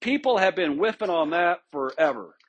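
A male pastor delivers an expository sermon in a high-pitched, somewhat husky voice. He talks conversationally, stresses key words, and often doubles back on a phrase before finishing it. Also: animated, normal speed, dull audio. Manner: conversational and emphatic, with frequent restarts and checks with listeners.

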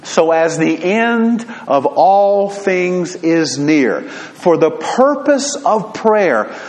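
Slow-speaking preacher in a reverberant hall. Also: male voice, sits high, very animated, a little mellow. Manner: storytelling, earnest and deliberate. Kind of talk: sermon.

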